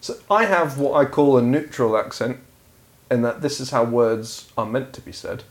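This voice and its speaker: A man's voice: medium pitch, moderate pace. Posh-voiced man bantering with a friend. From Scotland. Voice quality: posh-sounding voice. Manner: wry, argumentative, laughs often. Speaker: podcast co-host. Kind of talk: casual banter.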